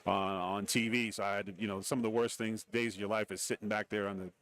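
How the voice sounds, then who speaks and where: A man's voice: on the low side, quick pace. A middle-aged man, a guest on a radio show, telling stories in a casual interview and acting out the voices of people he quotes. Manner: animated storyteller, acts out quoted voices. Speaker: guest, former wrestler and TV commentator. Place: radio row broadcast booth.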